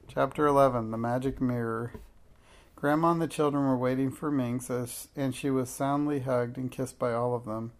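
Gravelly-voiced man reading a storybook. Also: mid-range voice, fairly even intonation, moderate pace. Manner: gentle, reads children's dialogue with light voices. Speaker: narrator.

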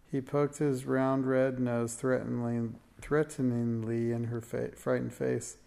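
Gravelly man reading a children's story. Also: medium pitch, level tone, unhurried, hardly any pauses, warm tone. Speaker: narrator.

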